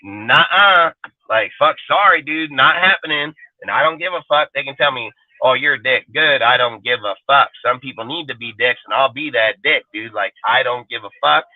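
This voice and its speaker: A man's voice: medium pitch, normal speed, no room sound. A man ranting on a live fan stream, blunt and full of swearing. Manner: profane, blunt and emphatic. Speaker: fan show panelist. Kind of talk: heated live-stream rant. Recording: phone-quality line, dry sound.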